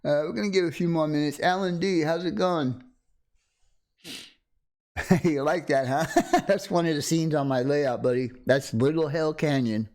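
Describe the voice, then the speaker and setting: A middle-aged man hosts a casual livestream from a home desk, speaking close to a condenser microphone. His voice sits a little high for a man, and he rambles easily, greeting viewers by name with frequent chuckles. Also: moderate pace, pauses often, a little mellow. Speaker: livestream host. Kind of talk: casual live-stream chat.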